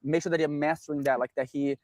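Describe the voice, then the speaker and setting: Calm male dog trainer giving commands. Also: a little high, quick pace. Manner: calm, instructive, gives short commands to a dog.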